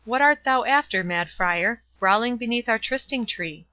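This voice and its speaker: A commanding outlaw captain who calls out orders, as a woman reads him in an audiobook. Bright voice, dry and slightly dull sound. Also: mid-range voice, moderate pace, dry recording, lightly acted.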